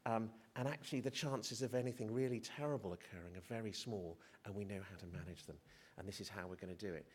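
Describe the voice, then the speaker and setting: A man's voice: lowish voice, fast talker, slightly rough. A middle-aged male physician giving a conference presentation, hesitant and prone to restarts, with self-deprecating humour. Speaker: physician speaker. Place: conference hall.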